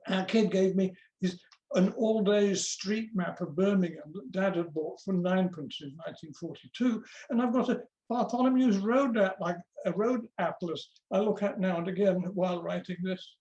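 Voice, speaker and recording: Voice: mid-range voice, dark tone, dull audio. Memoir reader in an echoey room. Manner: conversational storytelling with quoted voices. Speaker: guest reader at book launch. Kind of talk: memoir reading aloud.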